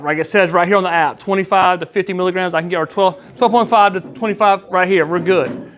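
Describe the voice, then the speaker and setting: A man's voice: sits high, brisk, fairly bright tone. A man who works as an EMS training officer gives a casual training lecture to his crew. He talks in a conversational way, joking with them and often checking in with "right?". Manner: jokes with the crew.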